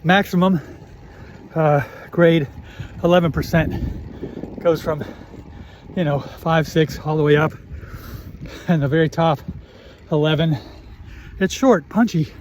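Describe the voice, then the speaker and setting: A man's voice: fairly high pitch, takes it slowly, pauses often, slight background noise. A man in his fifties chatting casually and swearing freely as he talks while cycling outdoors on a country road, at times out of breath. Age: 50s. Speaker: vlogger.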